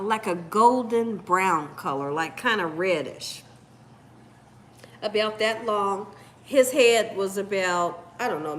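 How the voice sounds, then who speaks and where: A woman hosting a channel, telling a story in an animated, casual way and talking straight to viewers. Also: medium pitch, slight background noise. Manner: animated, addresses viewers as "y'all". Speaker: cooking channel host.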